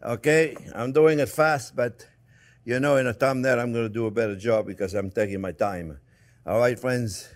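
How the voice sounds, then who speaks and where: A man's voice: medium pitch, normal speed. A man hosting a cooking show, chatting his way through a recipe and often calling his viewers friends. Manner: chatty and animated, keeps addressing viewers as friends. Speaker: chef and cooking show host. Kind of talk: casual cooking demonstration.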